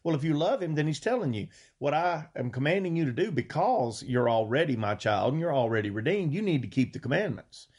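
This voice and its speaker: A man preaching a sermon, reading scripture slowly and earnestly and stressing key words. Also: on the high side, sing-song, a little mellow, slightly rough. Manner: earnest, drawn-out scripture reading with rising emphasis.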